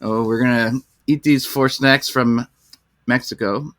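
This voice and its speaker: A man's voice: mid-range voice, steady tone, measured pace, fairly bright tone, dry recording. A man co-hosting a podcast, joking bluntly and swearing freely in casual chat. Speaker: podcast co-host. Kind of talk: casual chat with crude banter.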